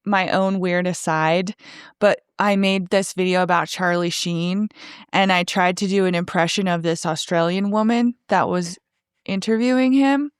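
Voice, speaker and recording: A woman's voice: on the low side, steady tone, moderate pace, clear, resonant tone, dry recording, studio quality. A woman co-hosting a podcast in casual chat, telling a story in an amused, chatty way. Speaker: podcast co-host; video creator.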